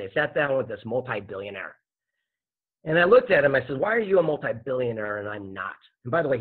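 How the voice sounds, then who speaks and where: Man, podcast guest, animated storyteller, husky, phone-like sound. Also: mid-range voice. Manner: animated storyteller acting out dialogue. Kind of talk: storytelling interview answer. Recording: tinny phone-like line.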